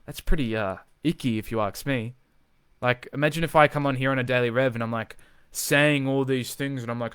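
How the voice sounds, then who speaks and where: A man coaching in a live, unscripted video, talking with energy and driving points home by repeating himself, swearing as he goes. His voice is smooth and resonant at a middling pitch. The sound is dry and close. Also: brisk, no room sound. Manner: energetic, emphatic, swears freely, repeats phrases for emphasis. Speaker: social confidence coach.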